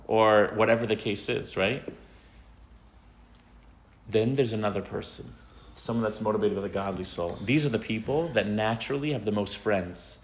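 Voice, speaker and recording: A rabbi giving an informal, animated talk to teenagers. He tells a story and often asks the audience questions. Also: lowish voice, normal speed. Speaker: rabbi teaching teens.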